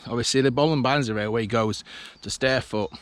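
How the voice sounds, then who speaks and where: Walking an old railway line outdoors, a man vlogs in a medium-pitched voice that runs a little fast. He chats casually and thinks aloud, restarting his sentences as he goes. Faint outdoor noise sits in the background of this casual walking commentary.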